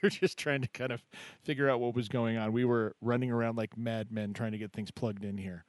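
A man's voice: mid-range voice, steady tone, normal speed, dry recording. A man hosting a call-in poetry show, chatting casually and joking with callers, laughing often. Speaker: radio poetry show host.

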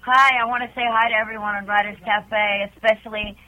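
A woman's voice: mid-range voice, fairly even intonation, fairly quick, bright, forceful tone. A woman caller on a call-in show, reading her own poems in an earnest, chatty way. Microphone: telephone. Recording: tinny phone line.

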